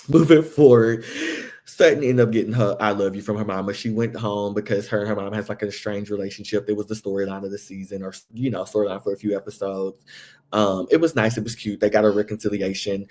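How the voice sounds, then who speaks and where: A young man hosts a casual reality TV recap. His voice sits on the low side, and he talks in a chatty, animated way, leaping up in pitch whenever he quotes someone. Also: fast. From Southeast Texas. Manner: chatty, animated, jumps to high acted quotes. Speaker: podcast host.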